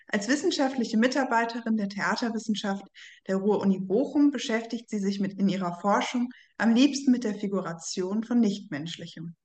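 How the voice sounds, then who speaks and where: A woman's voice: mid-range voice, echoey room. A woman hosting a podcast, introducing the topic and greeting a guest in a friendly, slightly hesitant way. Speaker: podcast host. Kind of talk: scripted podcast introduction, then interview.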